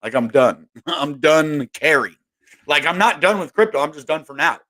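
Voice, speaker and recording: A man's voice: on the high side, animated, moderate pace, a bit bright. A man hosting casual crypto market commentary, rambling and exasperated, often cutting himself off mid-sentence. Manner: rambling, exasperated, self-interrupting. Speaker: crypto video host.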